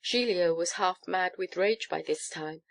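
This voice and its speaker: A woman narrating a children's storybook in a lively, expressive reading. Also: lowish voice, measured pace, creaky. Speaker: audiobook narrator.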